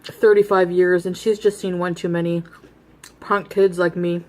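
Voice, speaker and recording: A woman's voice: lowish voice, flat delivery, moderate pace. A woman telling a chatty, confessional story while eating on camera, casual storytime. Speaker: mukbang vlogger.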